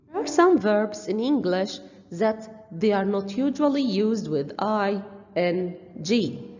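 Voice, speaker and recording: Slow, deliberate woman teaching grammar. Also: on the high side, warm tone. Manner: slow, deliberate, spelling out letters and listing examples. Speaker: language teacher. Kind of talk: grammar lesson narration. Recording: dull lo-fi sound with long reverb.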